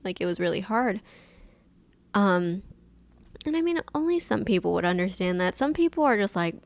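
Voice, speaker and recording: A young woman in her twenties hosts her own podcast and tells a personal story in a loose, emotional way, full of likes and ums. Her voice sits at a middle pitch. It is recorded close on a camera mic in a dry space with no room echo. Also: very animated, moderate pace, gravelly. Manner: chatty, emotional storytelling with many fillers. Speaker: podcast host. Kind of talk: casual solo podcast monologue.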